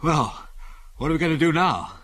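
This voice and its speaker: Man doing practical bush pilot, storybook, hesitant, fillers, raised voice, animated pitch. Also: moderate pace. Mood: uneasy. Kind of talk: audiobook character voice.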